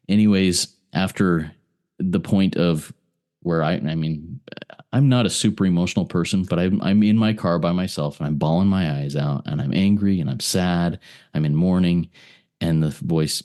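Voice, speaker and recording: A man's voice: sits low, normal speed, a little mellow. A man telling a long personal story on a podcast, earnest and repeating himself as he talks. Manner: earnest, restarts and repeats words. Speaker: podcast guest.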